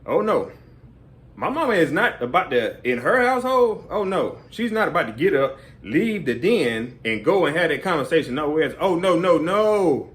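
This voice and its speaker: A man with a slightly higher voice talks casually and rambles, dropping filler words constantly. His delivery is loose and conversational. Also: big pitch swings, normal speed, a bit bright. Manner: rambling, full of fillers like "man" and "you know". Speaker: vlogger. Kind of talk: casual advice talk.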